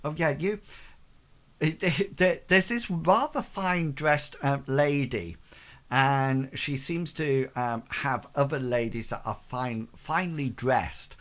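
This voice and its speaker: Slow hesitant male game master. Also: medium pitch, a bit bright. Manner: hesitant, many fillers. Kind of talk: narrating a tabletop game.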